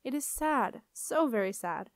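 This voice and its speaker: A woman doing a gentle, sing-song ghost-seer. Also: medium pitch, animated, normal speed, creaky, no room sound, studio quality. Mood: sorrowful. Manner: sing-song, soft and sorrowful. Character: tall, gentle woman who sees ghosts.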